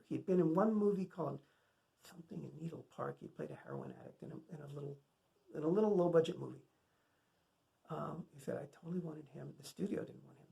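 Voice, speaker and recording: A man's voice: a little high, gravelly, darkish tone. A man introducing a classic film to an audience, retelling behind-the-scenes anecdotes in a loose, conversational way with many fillers and restarts. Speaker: film lecturer introducing a screening. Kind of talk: casual spoken film introduction.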